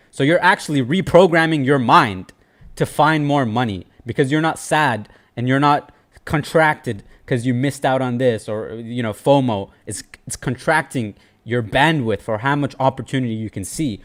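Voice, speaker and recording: An earnest man hosting a loose advice talk, with a voice of ordinary middle pitch. He talks in an animated, slangy way and hammers points home by saying them twice. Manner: animated, earnest, slangy, repeats phrases for emphasis. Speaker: host.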